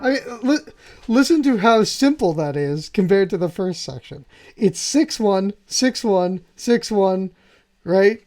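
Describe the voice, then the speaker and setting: A man's voice: high voice, expressive, takes it slowly, darkish tone. A man hosting a piano channel, walking through music theory with enthusiasm and often checking in with "right?". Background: faint piano playing.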